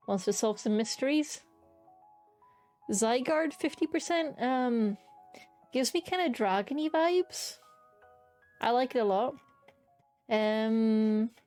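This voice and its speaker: Hiccuping as she goes, a young woman ranks creatures on a home live stream, chatting in a relaxed, excited way and swearing casually. Her voice is slightly high and warm.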